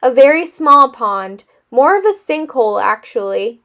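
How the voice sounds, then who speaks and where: A woman's voice: high-pitched, animated, unhurried, a bit bright, heavily acted. A woman reading a storybook aloud, voicing a dramatic boy who talks in a formal, self-pitying way. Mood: formal, aggrieved. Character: dramatic, wordy boy with dark glasses.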